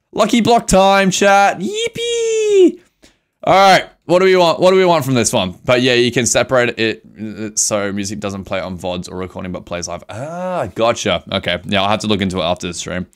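Young man streaming games, lively voice. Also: fairly low pitch, clear, resonant tone. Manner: melodramatic mock grief, swears, laughs a lot; reads chat aloud and answers it. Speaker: live streamer. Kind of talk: live gameplay stream chat.

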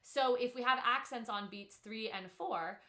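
A woman's voice: fairly high pitch, measured pace, pushed and bright, roomy sound. A woman teaching a one-on-one piano lesson, patient and upbeat, explaining step by step with many "like"s.

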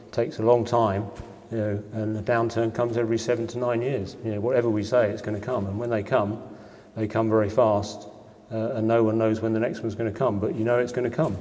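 A man's voice: lowish voice, darkish tone. A middle-aged man, a property developer, giving an informal public lecture in a conversational way, full of "you know" and "uh". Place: lecture hall. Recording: long hall reverb.

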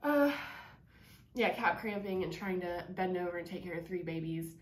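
A woman's voice: lowish voice, moderate pace. A woman in her thirties chatting casually as co-host during a spicy food challenge. She rambles with many fillers and talks through a burning, drooling mouth. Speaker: channel co-host. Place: home room. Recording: echoey room, faint hiss.

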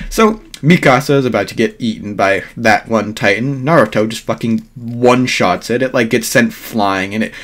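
A man's voice: medium pitch, moderate pace, few pauses, fairly bright tone. A man telling a fan-made what-if story in a rambling, filler-heavy way, swearing freely.

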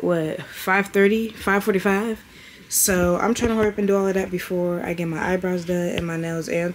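A woman's voice: lowish voice, slight background noise. Chatty young woman vlogging. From Virginia, US. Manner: chatty, addresses viewers as y'all. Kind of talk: casual vlog chat to camera.

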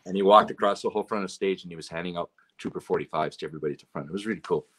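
Rambling man, lowish voice. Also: very fast, fairly bright tone, husky. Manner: rambling anecdotes full of "you know" and "right?". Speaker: road manager and guest. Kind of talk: casual chat.

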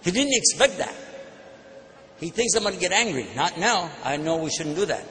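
A man giving an animated religious lecture, telling personal stories and acting out the dialogue. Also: high-pitched, moderate pace. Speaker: Islamic speaker. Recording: long hall reverb, faint background noise.

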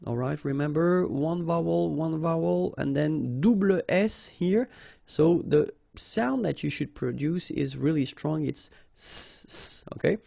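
A man's voice: a little high, unhurried, vocal fry, dark tone, no room sound, clean studio sound. A man with a French accent teaching French vocabulary, patiently spelling out sounds and repeating each word.

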